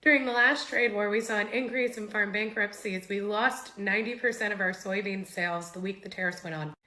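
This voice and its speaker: A woman's voice: medium pitch, steady tone, fairly quick, sharp tone, poor audio. A woman speaking frankly and emphatically as a farmer about her losses.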